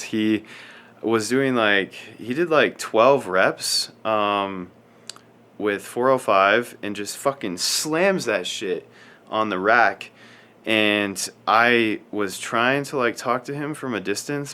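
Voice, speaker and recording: A man with a fairly low voice talks straight to the camera. He rambles through his story in an even, monotone way and swears freely. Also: smooth. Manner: self-described monotone, rambling and scatterbrained, swears often. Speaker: fitness vlogger.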